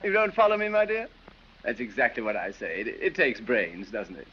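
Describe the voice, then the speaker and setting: An actor playing a silly, foppish English aristocrat dandy who drawls, giggles and dithers, in 1930s film acting. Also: male voice, medium pitch, big pitch swings, normal speed, lightly acted. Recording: dull old film soundtrack with hiss.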